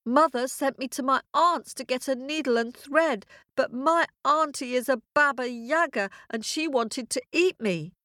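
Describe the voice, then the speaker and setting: A woman's voice: sits high, a little slow, pushed and bright, no echo, clean studio sound, pitched above the performer's own voice. A woman voicing a young girl in a children's story who has just escaped a witch. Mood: breathless. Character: young girl, frightened but plucky.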